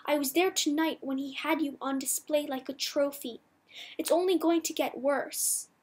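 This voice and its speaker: A woman's voice: sits high, fairly even intonation, moderate pace, lightly acted. A woman reading the lines of a hardened young male rebel fighter in an audiobook, urgent and blunt.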